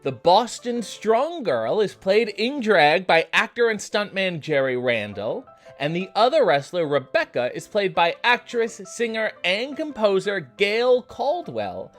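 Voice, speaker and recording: A man hosting a comedic recap, talking in a deadpan, profane, jokey way. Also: high-pitched, unhurried, faint music behind. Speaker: comedy wrestling recap host.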